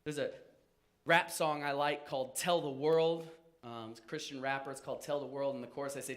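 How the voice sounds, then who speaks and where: A man preaching a casual sermon as pastor. He is conversational and animated, and he jokes about himself. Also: medium pitch, fairly quick. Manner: conversational, self-joking, animated.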